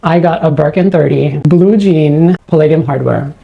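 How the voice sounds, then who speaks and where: A woman vlogging an unboxing, gushing and awestruck, shaky with excitement and keeps losing her words. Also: low voice, normal speed, vocal fry, highs cut off.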